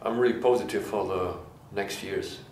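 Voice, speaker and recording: A man, the frontman of a band, answering interview questions in halting speech full of fillers and restarts. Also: fairly low pitch, a little mellow. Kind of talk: casual interview. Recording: echoey room, faint noise.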